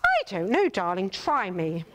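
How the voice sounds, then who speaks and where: Animated English woman hosting a cooking show. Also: mid-range voice, unhurried, slight background noise. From England. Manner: theatrical, bossy, teasing, addresses viewers as darling. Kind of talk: chatty cooking demonstration.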